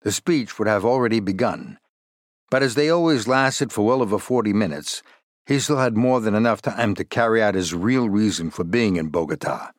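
Low-voiced man narrating a thriller. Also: normal speed, dry recording, studio quality. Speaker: audiobook narrator. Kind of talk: scripted narration.

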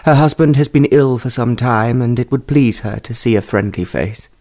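A man voicing a gentle, formal aristocratic father in a storybook reading, speaking softly and kindly. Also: medium pitch, normal speed, lightly acted.

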